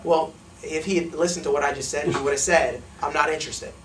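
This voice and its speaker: A man leading a live sales training for a small group, acting out pitches and laughing often. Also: background noise. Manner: fast, animated, acts out sales calls, laughs often. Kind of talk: live training talk with role-played pitches. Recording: echoey room, mic far off.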